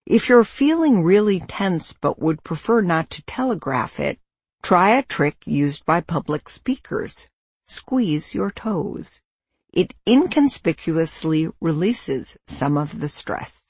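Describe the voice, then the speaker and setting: An audiobook narrator and parent reading nonfiction in a measured, instructive way. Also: mid-range voice, big pitch swings, slightly rough, no room sound.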